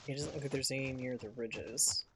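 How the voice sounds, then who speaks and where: A male streamer talks his way through a game in an easy, rambling manner, musing aloud as he goes. Clear hoofbeats and game ambience run loudly beneath his voice. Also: medium pitch, normal speed, background noise. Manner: rambling, thinking aloud while playing. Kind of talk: casual live gameplay commentary.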